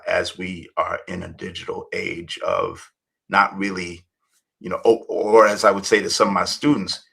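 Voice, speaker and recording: A man's voice: deep voice, creaky, fairly bright tone, low-quality recording. A middle-aged man from the United States, a guest on an interview, telling rambling stories with many fillers and restarts. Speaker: guest, hip-hop journalist. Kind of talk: storytelling interview.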